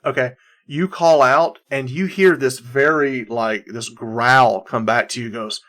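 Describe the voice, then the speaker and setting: A man's voice: mid-range voice, very animated, a little slow, a bit bright. A man narrating as game master of a tabletop game, rambling with many restarts and fillers.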